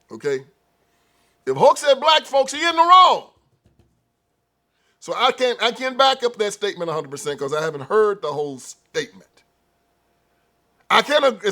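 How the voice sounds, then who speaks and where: A man hosting his own show, delivering an opinion commentary monologue that swings between loud outbursts and low mutters, with frequent laughter. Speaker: show host.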